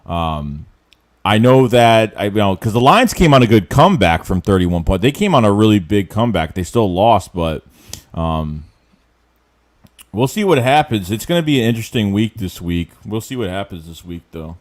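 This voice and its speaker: A man's voice: fairly low pitch, normal speed. A man hosting a casual sports podcast, reading viewer comments from the live chat. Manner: lively, reads viewer comments aloud.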